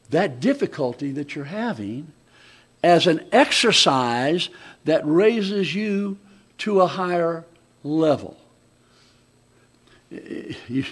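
High-voiced man preaching a sermon. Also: breathy edge. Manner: conversational preaching with many restarts and swings between loud and quiet.

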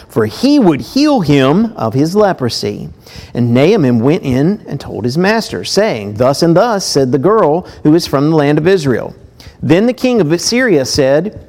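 With a fairly high-pitched voice, a man preaches a sermon, reading scripture aloud with lively emphasis. He keeps breaking off into chatty asides to his listeners.

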